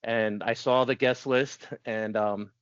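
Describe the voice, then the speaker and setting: A man in his forties telling his story as a podcast guest, chatty and quick to laugh, often restarting sentences. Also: mid-range voice, fairly even intonation, clean tone, no echo. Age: 40s. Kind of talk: casual storytelling interview. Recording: dull dry lo-fi audio.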